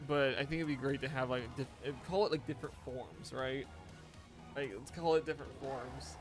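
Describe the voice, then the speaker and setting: A man's voice: mid-range voice, steady tone, normal speed, soft background music. A tired man streaming a game live, chatting loosely with viewers and often restarting his sentences. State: tired, yawning. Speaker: gaming streamer. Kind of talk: casual live-stream chat.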